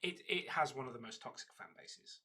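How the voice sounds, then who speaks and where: A young man with a husky, bright voice trades wry, sarcastic remarks on a podcast. His pitch jumps around a lot, and he often trips over his first words. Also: lively intonation, brisk. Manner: stammering restarts, wry, sarcastic. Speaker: podcast co-host. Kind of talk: casual chat.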